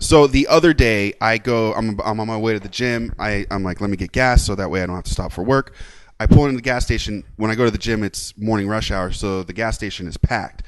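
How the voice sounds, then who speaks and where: A man's voice: lowish voice, moderate pace, dry recording. A man co-hosting a podcast, telling a rant story with lots of swearing and acted-out quotes. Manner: animated storyteller, swears freely, acts out quotes. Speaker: podcast co-host. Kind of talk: casual chat.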